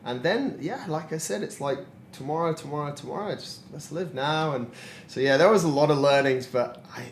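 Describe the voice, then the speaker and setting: A man's voice: fairly high pitch, brisk, a little hiss or hum. A man in his forties, a podcast guest, telling stories in a reflective way and laughing often. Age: 40s. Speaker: interview guest. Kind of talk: casual interview chat. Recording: roomy echo.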